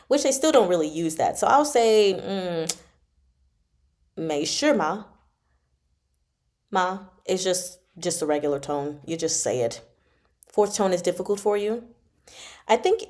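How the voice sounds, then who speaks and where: A woman with a low-leaning, darkish voice teaches Mandarin on an informal livestream. She talks chattily, corrects herself along the way, and pronounces the tones as she describes them.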